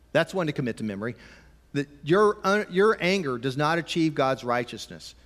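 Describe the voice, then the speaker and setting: A man preaching a conversational sermon, sometimes emphatic and sometimes dropping to a quiet, low voice. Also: expressive, normal speed, big-room sound. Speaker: pastor.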